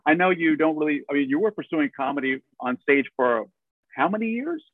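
A man hosting a casual interview, chatty and reminiscing, quick to laugh. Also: fairly high pitch, lively intonation, no echo. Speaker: podcast host. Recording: tinny phone-like line.

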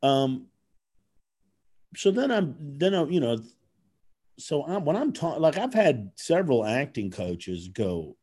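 A man from Kentucky chatting casually, a loud and animated storyteller who acts out voices in his anecdotes. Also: a little high, slow, long pauses. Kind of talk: casual chat. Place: lives in California.

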